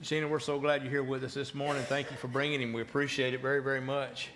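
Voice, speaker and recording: A man's voice: mid-range voice, flat delivery, quick pace, fairly bright tone. A male pastor, preaching in a folksy way and often repeating words. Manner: folksy, repeats words while telling a story. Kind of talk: sermon with a joke.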